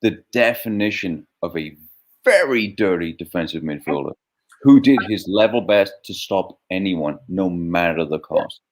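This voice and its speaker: A man's voice: sits low, lively intonation, a little slow. A man co-hosting a casual sports chat, emphatic and profane. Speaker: co-host. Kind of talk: casual banter among friends.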